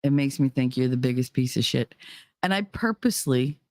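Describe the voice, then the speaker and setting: A woman's voice: a bass voice, lively intonation, fairly quick, a little mellow, no room sound, studio quality. A woman host telling a personal story bluntly, swearing freely and speaking with heated emphasis. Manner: blunt and profane, emphatic retelling. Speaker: podcast host.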